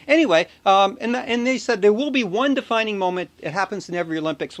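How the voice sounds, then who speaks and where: A man vlogging in a casual, chatty way, telling an anecdote with chuckles. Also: high-pitched. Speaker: video blogger. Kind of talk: casual chat.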